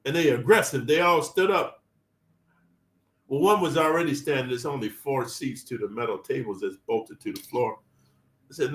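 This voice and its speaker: A man's voice: mid-range voice, moderate pace, fairly bright tone, recorded from a distance. Blunt, streetwise man in a roomy room. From California. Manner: streetwise, blunt, heavy slang and swearing. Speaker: storyteller, former inmate. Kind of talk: profane storytelling. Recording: roomy, set back from the mic.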